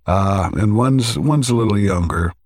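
A man with a fairly low voice walks through a story's plot as a podcast co-host. He talks casually, pausing often to find his words. The sound is dry and close, with no room echo. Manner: relaxed, halting, with frequent "uh" pauses.

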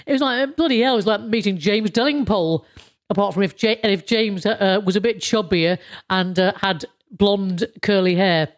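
A woman's voice: mid-range voice, moderate pace. A British woman hosting a podcast in a casual monologue, rambling with frequent chuckles and casual swearing. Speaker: podcast host.

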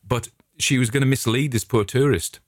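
A man's voice: medium pitch, moderate pace, no echo, clean studio sound. A middle-aged English man telling stories in a casual, rambling monologue, chatty and full of digressions. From England. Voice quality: chatty anecdotal storyteller, digressive. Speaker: vlogger.

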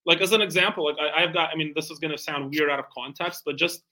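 Fast, bright-voiced man telling sales stories. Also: a little high, rough recording. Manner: energetic, animated, acts out phone calls. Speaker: guest, bespoke tailor and founder. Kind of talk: casual interview storytelling.

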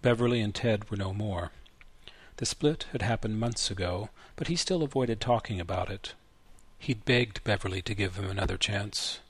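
A man narrating a literary short story in a measured, even way. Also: lowish voice, slightly rough, dry recording. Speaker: story reader.

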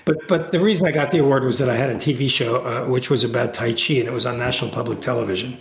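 A middle-aged man, an author and Tai Chi teacher, tells a story as a guest in a casual video-call interview. He talks fast and animatedly, restarting often, his voice jumping high when he gets excited, in an echoey room.

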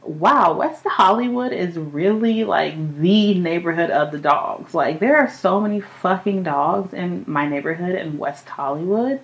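Young woman host, casual home podcast, high and chatty, swears freely, laughs often. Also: measured pace, hardly any pauses, muffled recording. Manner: profane, laughing, animated storytelling. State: high on cannabis. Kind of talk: casual chat. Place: home apartment.

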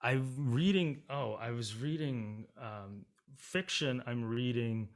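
Guy singer talking opera stuff, candid and animated, laughs a lot. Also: mid-range voice, slow. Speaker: opera singer and music writer, guest. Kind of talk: casual interview conversation.

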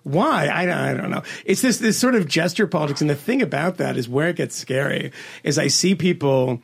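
A higher-pitched man with a gravelly, creaky edge hosts a podcast conversation. He rambles and circles back, restarting his sentences as he hunts for the point. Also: expressive, a little fast. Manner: rambling, hesitant, many restarts. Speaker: podcast host. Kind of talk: casual political discussion.

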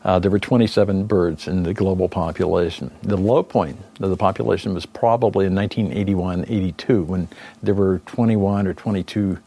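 In a low, gravelly, husky voice with warmth and a steady tone, an older man speaks fairly quickly about his past as leader of a condor recovery team. The interview recollection is reflective and meandering, full of fillers and self-corrections.

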